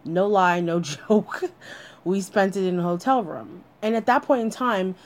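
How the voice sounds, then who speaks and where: A woman's voice: mid-range voice, measured pace. A woman telling a personal story in a blunt, candid way, swearing freely as she talks.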